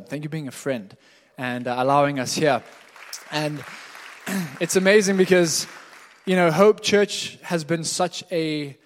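A man with a British accent gives a sermon as a visiting pastor, telling stories in a loose, conversational way with light humor. His voice sits a bit high for a man. It rings out with the long reverb of a large church hall. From Zimbabwe. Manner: conversational, chatty storytelling with humor. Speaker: guest pastor.

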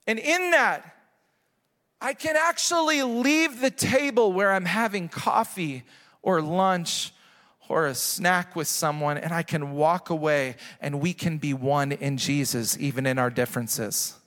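A man's voice: a little high, a little slow, a bit bright. A middle-aged male pastor preaching a sermon, earnest and urging, repeating his points to the congregation. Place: large church hall. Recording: long hall reverb.

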